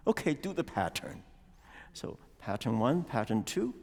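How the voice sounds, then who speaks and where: Male piano teacher, low gravelly voice with an animated delivery, giving a master class in a reverberant concert hall. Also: takes it slowly. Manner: sings rhythms aloud and explains patiently.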